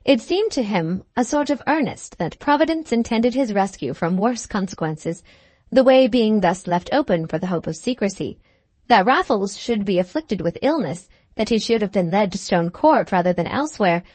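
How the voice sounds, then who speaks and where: Woman audiobook narrator, measured and even, close dry mic. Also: medium pitch, no echo. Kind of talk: scripted narration.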